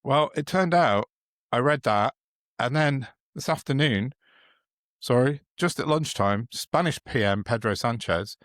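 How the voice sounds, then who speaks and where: A man's voice: medium pitch, lively intonation, a little slow, a bit bright, dry recording, clean studio sound. A man co-hosting a casual political podcast, sardonic and chuckling often. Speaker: podcast co-host.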